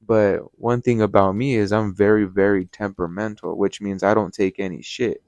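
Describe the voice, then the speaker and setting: Low-voiced man telling a heated story. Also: moderate pace, no room sound. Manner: profane, heated, animated storytelling, addresses viewers as guys. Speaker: restaurant manager. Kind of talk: casual storytime vlog.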